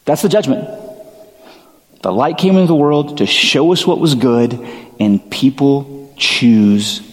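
A man's voice: mid-range voice, animated, takes it slowly, big-room sound. A male pastor preaching a sermon in a casual, earnest way, full of "like" fillers. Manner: conversational, filler-heavy, earnest.

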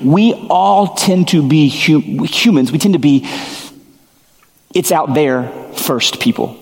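A man's voice: fairly high pitch, slow. Conversational male pastor in reverberant hall. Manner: conversational, self-deprecating storytelling. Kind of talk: sermon.

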